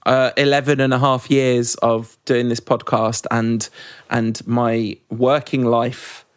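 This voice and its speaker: A man's voice: mid-range voice, little pitch movement, smooth, no echo. A man co-hosting a podcast, rambling and joking in casual chat with a laugh never far off. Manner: rambling, self-deprecating, quick to laugh. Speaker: podcast co-host.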